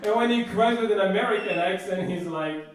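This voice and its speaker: Boastful deadpan comedian, echoey and distant. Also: male voice, high-pitched. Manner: boastful deadpan delivery with halting restarts. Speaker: stand-up comedian. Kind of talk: stand-up comedy set. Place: comedy stage before a laughing audience. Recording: echoey, distant live room mic with noise.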